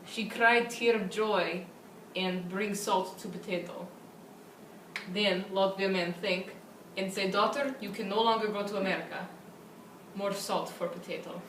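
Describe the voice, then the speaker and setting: A woman's voice: medium pitch, fairly even intonation, a little slow, a bit bright, close to an everyday voice. A woman voicing a gloomy Eastern European peasant who tells grim jokes in broken English. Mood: deadpan. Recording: roomy, distant, faint noise.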